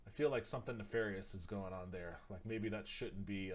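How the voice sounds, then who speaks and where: A man's voice: lowish voice, brisk. Man reading news aloud on a stream. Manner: reads articles aloud and breaks off for blunt, profane asides; stumbles and restarts while reading. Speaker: livestream host. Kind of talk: casual livestream commentary, reading news aloud.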